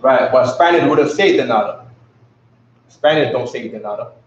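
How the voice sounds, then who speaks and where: A man with a medium-pitched, animated voice teaches a class at a moderate pace, talking in a casual, slangy way and constantly asking "you know what I'm saying." The sound is dull and lo-fi, from a distant mic in an echoey room, with slight background noise.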